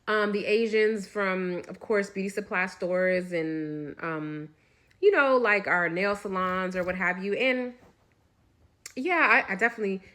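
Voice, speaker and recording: A woman's voice: on the low side, a bit bright. A woman giving opinionated, rambling casual commentary.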